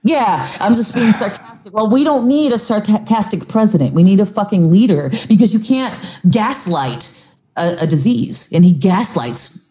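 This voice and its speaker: A woman's voice: medium pitch, sing-song, moderate pace, mellow, highs cut off. A woman guest on a podcast, talking casually and bluntly, swearing freely and stammering through restarts. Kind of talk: casual chat.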